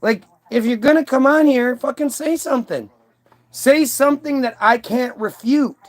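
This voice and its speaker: A man's voice: extremely high pitch, moderate pace. A man delivering a combative, profane, rambling monologue to his stream audience, often restarting his sentences. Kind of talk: ranting monologue.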